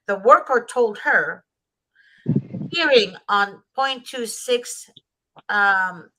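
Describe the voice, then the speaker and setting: A woman's voice: medium pitch, bright, forceful tone, rough recording. A woman hosting a talk show, giving advice and repeating key points with emphasis. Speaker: host. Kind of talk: advocacy talk show with guests.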